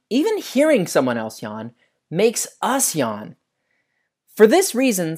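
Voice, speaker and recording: A man presents a science lesson for children, speaking outdoors with a lively, widely swinging pitch. He keeps the tone animated and often turns questions back to the viewer. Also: husky. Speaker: science educator host. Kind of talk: educational video lesson for kids. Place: outdoors by trees.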